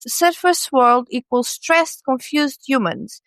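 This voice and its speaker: A woman's voice: high-pitched, expressive, measured pace, no echo. A woman co-hosting a podcast, narrating in a scripted comedic style with wry, sarcastic asides. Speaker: podcast co-host.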